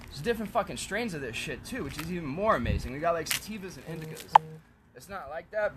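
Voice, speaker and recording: A man in a casual, blunt rant to camera, swearing often and turning loud when heated. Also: a little high, lively intonation, quick pace, heavy background noise. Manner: profane, blunt, frequent swearing. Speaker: vlogger selling kratom.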